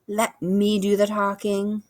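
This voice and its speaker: A woman's voice: medium pitch, monotone, slow, darkish tone, dry recording, studio quality, pitched above the performer's own voice, lightly acted. A woman voicing a bossy, sarcastic young female bear who snarls her threats.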